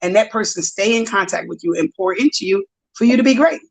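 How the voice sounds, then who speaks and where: Animated woman coach telling stories. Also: mid-range voice, fast talker, poor audio. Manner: lively storyteller, acts out quoted dialogue. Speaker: strength coach, guest. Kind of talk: casual interview.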